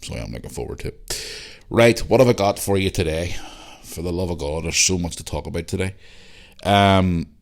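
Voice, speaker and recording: A man's voice: low-pitched, animated, brisk, vocal fry. A man with a Northern Irish accent hosting a casual solo podcast, rambling and chatty, repeating himself and swearing freely. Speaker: podcast host.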